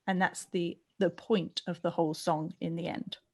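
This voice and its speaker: A woman's voice: lowish voice, flat delivery, moderate pace. A woman coaching a barbershop chorus over a video call, talking through expression line by line and singing short example phrases. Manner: warm, encouraging, sings and speaks example lines. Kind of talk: online singing workshop.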